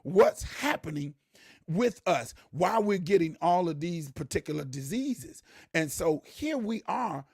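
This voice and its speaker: A man hosting a live talk show for his viewers, animated and preachy, repeating words and getting louder to stress a point. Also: high-pitched, breathy edge, no echo, studio quality. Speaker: host.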